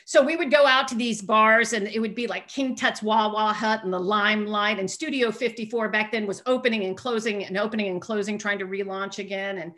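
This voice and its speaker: A woman's voice: medium pitch, fairly even intonation, fairly quick, hardly any pauses, fairly bright tone. A middle-aged woman candidly telling a personal recovery story to a group, with self-deprecating humor.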